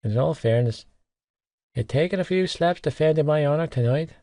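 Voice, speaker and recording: A man reading a first-person novel aloud in a wry, even storytelling manner. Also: a little high, a little fast, no room sound, clean studio sound. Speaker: audiobook narrator.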